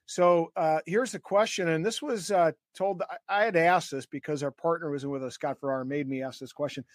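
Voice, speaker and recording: A man's voice: on the high side, steady tone, fairly quick, few pauses, dry recording, clean studio sound. A man co-hosting a podcast, chattily explaining an interview format to a guest. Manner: chatty, explains at length with fillers. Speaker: podcast co-host.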